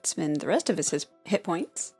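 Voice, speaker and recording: Woman at a tabletop game, lively chatty player, light music behind. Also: lowish voice, normal speed, husky. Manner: animated, puts on voices for her character. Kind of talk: tabletop game play, casual banter.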